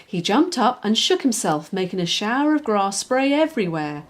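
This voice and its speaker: A woman, a children's author, reading her own picture book aloud in a lively, expressive storytelling way. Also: medium pitch, moderate pace.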